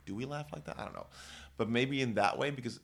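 A young man co-hosting a podcast in casual chat, relaxed and often soft-spoken. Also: mid-range voice, quick pace, gravelly. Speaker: podcast co-host.

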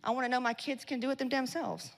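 A woman's voice: high-pitched, fast talker, gravelly. A woman giving a blunt, profane motivational talk to a live audience at a women's business event. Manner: blunt, swearing, slangy and loud in bursts. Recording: long hall reverb.

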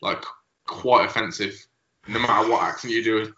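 Casting: rambling podcast co-host, bright, forceful voice, recorded in an echoey room. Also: male voice, fairly low pitch, steady tone, normal speed, a little hiss or hum. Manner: rambling, laughing, restarts. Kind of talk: casual chat. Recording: echoey room, dull lo-fi sound.

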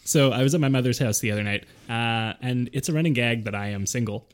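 A man's voice: medium pitch, quick pace, clear, resonant tone. A young man co-hosting a podcast, telling a joke story in casual banter and laughing often. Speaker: podcast co-host.

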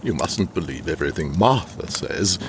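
An actor playing an old, loyal butler who is defensive and indignant in a radio drama. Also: male voice, extremely low pitch, lively intonation, moderate pace, noisy background. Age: older. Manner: prim, indignant, flustered.

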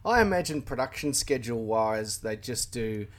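A man's voice: medium pitch, animated. An Australian man talking casually as an interview guest over a call. He laughs often and restarts his sentences a lot. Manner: laughs often, self-deprecating, halting restarts. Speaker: guest, YouTube channel creator. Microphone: remote call.

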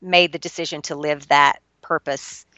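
A woman's voice: low-pitched, steady tone, moderate pace, pushed and bright, no echo, lo-fi sound. A middle-aged woman, a podcast guest, telling a personal story in an earnest, confessional and emotional way.

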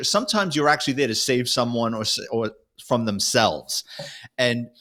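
A man's voice: medium pitch, fairly bright tone. A man, a former police officer telling a story in casual chat, acting out the lines of the people in it.

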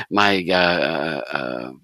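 Deep-voiced host, bright and dry. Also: male voice, lively intonation, very slow, dry recording. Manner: enthusiastic, effusive praise, stammering restarts. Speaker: podcast host. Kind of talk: casual interview talk.

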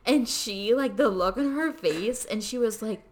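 A young adult woman co-hosting a podcast in casual chat. She giggles often and acts out quotes in squealing high voices. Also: animated, unhurried. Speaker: podcast co-host.

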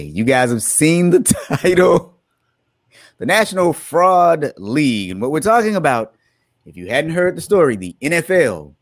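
A man's voice: on the high side, sing-song, measured pace, no echo, rough recording. A man co-hosting a podcast, casually walking listeners through a news story and laughing now and then. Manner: explanatory, breaks into laughter. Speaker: podcast co-host.

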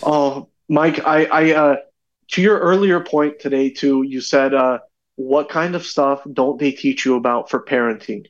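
Male guest, mid-pitch, animated storyteller, slightly dull call audio. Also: measured pace. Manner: animated storyteller, acts out voices. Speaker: podcast guest. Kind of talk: casual chat.

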